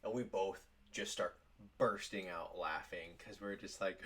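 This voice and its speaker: A man's voice: low voice, steady tone, slow, a bit bright. A man vlogging casually, telling a work story in a rambling way with lots of "like". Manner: rambling, heavy use of "like".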